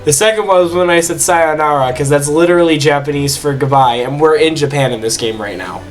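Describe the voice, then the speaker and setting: A teasing man streamer banters about the game, explaining his jokes. His voice sits somewhat high for a man, a little distant from the mic, with faint game music behind. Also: a little fast. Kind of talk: casual game commentary.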